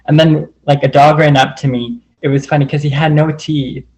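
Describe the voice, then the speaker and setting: A man's voice: on the high side, flat delivery, normal speed, a little mellow, rough recording. A man sharing personal stories in a casual, earnest way, rambling and leaning on the filler "like" over and over. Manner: rambling, heavy use of "like" fillers; earnest and open.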